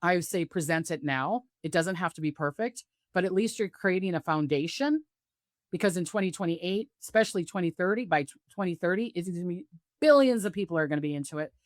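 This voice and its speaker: A woman guest, a psychic medium, telling stories on a video call and acting out the voices of others with big jumps in pitch. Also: animated, a little fast, no echo, clean studio sound. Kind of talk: animated storytelling interview.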